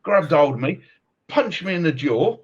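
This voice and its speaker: A middle-aged man hosting a podcast, chatting casually and telling animated stories with frequent laughs. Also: on the high side, normal speed, slightly rough, dull audio. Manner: animated storyteller, laughs often. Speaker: podcast host, martial arts coach. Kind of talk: casual chat.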